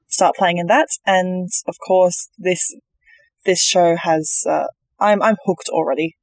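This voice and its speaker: An Australian player chatting casually and enthusiastically, with halting, rambling phrasing. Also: medium pitch, fairly even intonation, no room sound. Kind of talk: casual chat.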